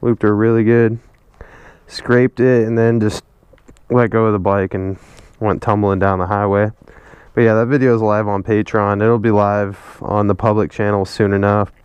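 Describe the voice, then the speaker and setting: A man's voice: fairly low pitch, little pitch movement, normal speed, a little mellow, clean tone, dry recording, highs cut off. A man chatting casually in a slangy, laid-back way as he narrates a vlog from his garage workshop. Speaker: motorcycle vlogger.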